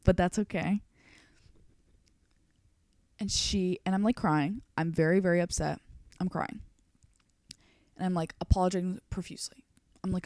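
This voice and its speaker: A woman's voice: on the low side, fairly even intonation, normal speed, pauses often, a little mellow, no echo, clean studio sound. A young woman vlogger telling a story in an emotional, chatty way, saying "like" constantly. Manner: chatty and emotional, heavy use of "like". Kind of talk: storytime vlog.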